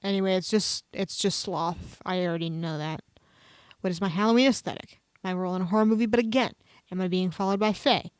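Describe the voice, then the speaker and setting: A woman's voice: lowish voice, brisk, clear, resonant tone, no room sound. A woman streamer reading online quizzes aloud in a casual, sarcastic way, swearing offhandedly as she goes.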